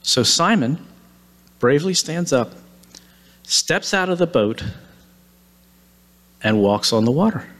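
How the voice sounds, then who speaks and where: A male preacher retelling a Bible story in a sermon, in a lively manner with casual asides. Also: a little high, slow pace, pauses often.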